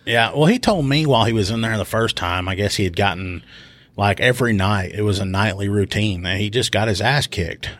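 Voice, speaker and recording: A man, a police officer and podcast host, telling a casual story about an arrest, animated and swearing freely as he acts out voices. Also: lowish voice, brisk, dry recording.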